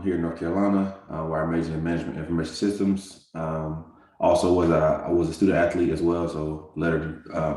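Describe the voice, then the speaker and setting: Deep-voiced man in a very echoey room. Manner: polite, relaxed, fillers. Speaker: panelist, graduate. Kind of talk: casual self-introduction. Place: video call. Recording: very echoey room over a call.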